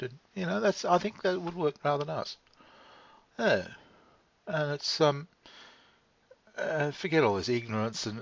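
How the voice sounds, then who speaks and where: A man's voice: medium pitch, vocal fry, slightly rough. A man talking in a meandering, laid-back monologue, swearing casually and chuckling as he goes. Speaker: vlogger. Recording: dry, slightly dull lo-fi sound.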